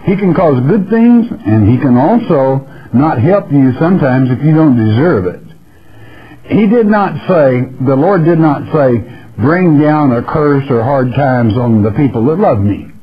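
Folksy radio preacher, male, lively swooping delivery, dull lo-fi broadcast sound. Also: mid-range voice. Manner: reads scripture slowly, then explains in folksy asides. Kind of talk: verse-by-verse sermon.

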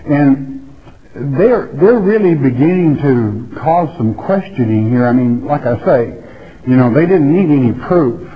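A male pastor giving a folksy sermon, reading scripture aloud and rising in emphasis as he explains it. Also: medium pitch. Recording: dull lo-fi recording.

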